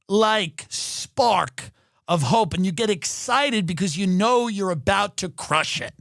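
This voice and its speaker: High-voiced sardonic male comedic host. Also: lively intonation, takes it slowly, gravelly, fairly bright tone, no echo, clean studio sound. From New York. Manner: sardonic, profane, exaggerated delivery. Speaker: podcast host. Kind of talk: comedic monologue rant.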